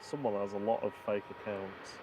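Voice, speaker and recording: A man's voice: fairly low pitch, steady tone, normal speed. A man hosting a live plane-spotting stream outdoors, greeting viewers, reading out the chat and calling out flights. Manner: reads chat messages, greets viewers, laughs easily. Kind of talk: casual chat and plane commentary. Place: outdoors at an airport. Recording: outdoor stream with clear background noise.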